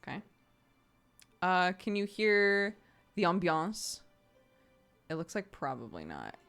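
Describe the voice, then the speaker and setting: A woman streaming to her viewers in a casual chat, telling stories with lively laughter and acting out the voices of others. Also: on the low side, slow pace, vocal fry, faint music behind. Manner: animated storytelling, frequent laughter; acts out quoted voices while retelling.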